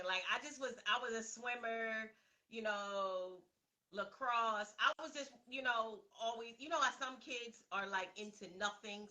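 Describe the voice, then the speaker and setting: A woman's voice: mid-range voice, bright, forceful tone, poor audio. A woman rapper from Baltimore chatting as an interview guest, laughing often and talking with lots of fillers. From Baltimore, USA. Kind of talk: casual conversation.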